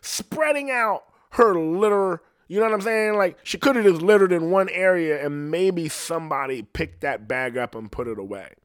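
A man's voice: sits high, lively intonation, moderate pace, hardly any pauses, clear, resonant tone, no room sound. A man ranting in a casual, profane monologue, rambling and often asking "you know what I mean", on a close mic in a small room. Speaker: podcast host.

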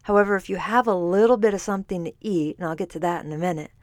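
A woman's voice: on the low side, fast, a little mellow, no echo, clean studio sound. A woman hosting a podcast as a fitness and nutrition coach, explaining in a conversational way and correcting herself as she goes. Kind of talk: solo podcast talk. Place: standing while recording.

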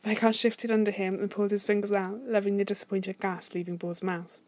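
A woman reading an erotic fan fiction story aloud in a soft, unhurried, slightly hushed voice. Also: mid-range voice, level tone, no room sound. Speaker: narrator.

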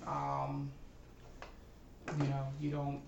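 A man's voice: mid-range voice, very animated, very slow, vocal fry, echoey room, recorded from a distance, dull audio, a little hiss or hum. A man narrating as game master of a tabletop game, describing scenes hesitantly with many ums.

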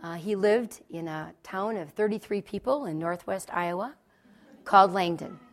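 A woman's voice: mid-range voice, moderate pace. A woman from the Philadelphia area preaching to wives in a conversational sermon, repeating key lines for emphasis and telling personal stories with asides. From New Jersey and Philadelphia, USA. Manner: emphatic and repetitive, storytelling with asides. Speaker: Christian speaker addressing wives.

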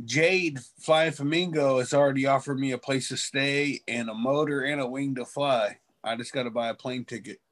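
A man's voice: mid-range voice, fairly even intonation, moderate pace, hardly any pauses, fairly bright tone. A man in a casual podcast chat, joking and teasing the others. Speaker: co-host.

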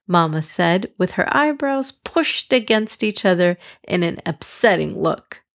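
A woman reading a children's story aloud, even and measured. Her pitch sits in the middle of the range, and she keeps a steady storytelling pace. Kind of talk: scripted storybook narration.

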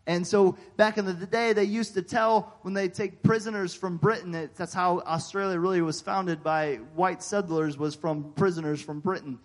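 American preacher guy, slightly high voice, chatty storytelling sermon, lots of uh and amen. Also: moderate pace, hardly any pauses. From United States. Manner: folksy, animated storytelling with frequent "uh" and "amen". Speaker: pastor.

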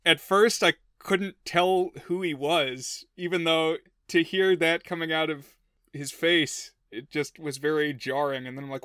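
Give me a chatty male podcast host with a bright, clear voice, recorded dry and close. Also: fairly high pitch, fairly even intonation, no echo. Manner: chatty, jokey, quick asides. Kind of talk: casual film podcast chat.

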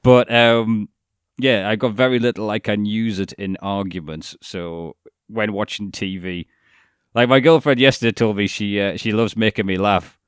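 A man's voice: fairly low pitch, steady tone, moderate pace, clear, resonant tone, no room sound. A man co-hosting a podcast in casual chat, dry and sarcastic, swearing casually. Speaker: podcast co-host.

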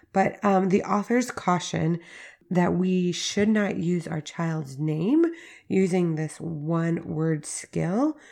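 A woman's voice: lowish voice, vocal fry, dark tone. A woman in her thirties hosting a podcast, teaching parenting tips in a casual, conversational way with filler words. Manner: conversational, uses "like" and "right?" as fillers. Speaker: podcast host.

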